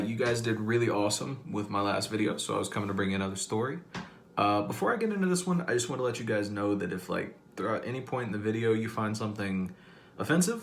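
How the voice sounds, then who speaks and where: A man's voice: fairly low pitch, a bit bright, a little hiss or hum. A man vlogging casually, rambling with lots of fillers and amused at himself. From Southern US. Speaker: comedic vlogger. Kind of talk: casual talk to camera.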